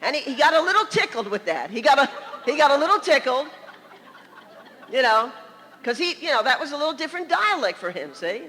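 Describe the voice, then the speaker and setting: Bright, high-voiced older woman preaching. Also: very animated, a little fast, big-room sound. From New York. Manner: chatty, laughing asides, frequent "you know". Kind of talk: sermon storytelling.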